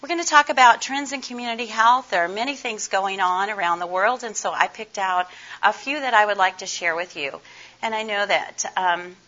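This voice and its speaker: Hoarse older woman giving a talk. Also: mid-range voice, moderate pace, bright, forceful tone. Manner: chatty, folksy, asks the audience questions. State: hoarse, scratchy from laryngitis. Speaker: conference speaker. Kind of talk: conference presentation. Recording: dull lo-fi recording.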